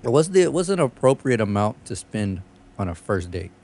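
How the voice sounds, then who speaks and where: A man's voice: on the low side, very animated, moderate pace, darkish tone. A man co-hosting a casual chat, joking, swearing and laughing often.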